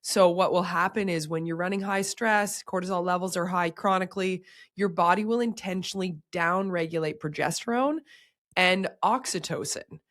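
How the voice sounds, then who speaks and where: A woman's voice: fairly low pitch, moderate pace, fairly bright tone. Sick-voiced woman podcast host. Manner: upbeat, explains physiology step by step. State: sick, hoarse voice. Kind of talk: casual podcast chat.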